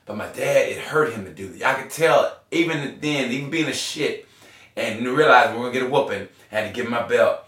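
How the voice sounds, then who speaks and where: Cast a man in his forties, bright-toned, telling candid stories in a roomy space off-mic. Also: mid-range voice, brisk. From Oklahoma, USA. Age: 40s. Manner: animated, swears freely, laughs often. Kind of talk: candid personal storytelling. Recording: roomy echo, mic at a distance.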